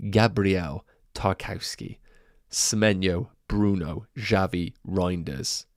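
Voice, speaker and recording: A low-voiced man hosts a casual livestream and banters with his chat in quick asides. He sounds a little out of breath. The recording is dry and close, with no room sound. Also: no room sound. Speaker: fantasy football livestream host. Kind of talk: casual livestream chat reading viewer questions.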